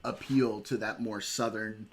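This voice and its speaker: A man's voice: fairly low pitch, fairly even intonation, measured pace. A man co-hosting a livestream, talking politics in casual chat, earnest and given to repeating words while he tries to make his point. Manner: earnest, repeats himself to hold the floor.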